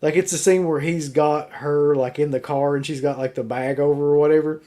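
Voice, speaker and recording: A man with a slightly high voice talks horror films in a loose, opinionated way, tossing in casual swearing. He keeps an easygoing pace and chimes in often with short agreements. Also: steady tone, a little fast, warm tone. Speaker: co-host of a horror movie show. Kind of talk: casual chat reviewing a ranked list.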